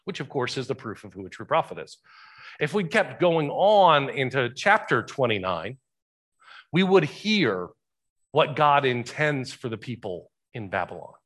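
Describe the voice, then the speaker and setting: A man's voice: mid-range voice, big pitch swings, unhurried, fairly bright tone. A pastor giving a conversational sermon, asking the congregation rhetorical questions and shifting his emphasis often.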